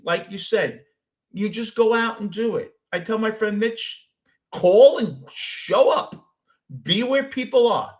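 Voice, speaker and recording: A man's voice: high voice, fairly bright tone. A man with a Brooklyn accent who hosts a show, chatting casually with a caller and telling long, rambling stories with many restarts. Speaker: host.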